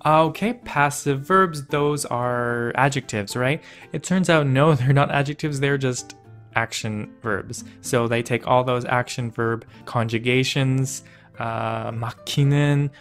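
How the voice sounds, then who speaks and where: A man explains grammar points in a relaxed, playful way, poking fun at his own past mistakes. His voice sits at an ordinary middle pitch. Soft guitar music plays faintly underneath. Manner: playful, self-mocking explainer. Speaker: language teacher. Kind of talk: casual educational video.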